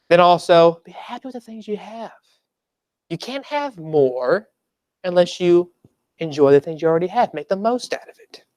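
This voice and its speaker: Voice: mid-range voice, no room sound, studio quality. A preacher giving a sermon at a church service, telling stories in a conversational way and stressing points with repeated phrases.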